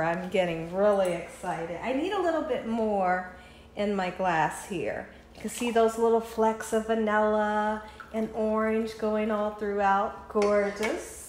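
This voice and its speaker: A cooking channel host chats with viewers in her home kitchen, tasting and pouring and laughing often during a casual demonstration. Her voice sits at medium pitch with a darkish tone and an unhurried delivery. The room is reverberant, with slight background noise.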